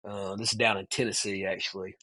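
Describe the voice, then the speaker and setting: A man's voice: on the low side, fairly quick. A man, a podcast guest, casually telling a long story with lots of "man" asides. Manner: animated storyteller, peppers speech with "man".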